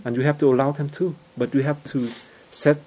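Halting man. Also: mid-range voice, low-quality recording. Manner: halting non-native English, many fillers and restarts; gets animated and laughs when acting out scenes. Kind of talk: informal teaching talk.

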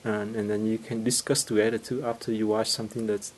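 Halting man. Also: lowish voice, low-quality recording. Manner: halting non-native English, many fillers and restarts; gets animated and laughs when acting out scenes. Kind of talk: informal teaching talk.

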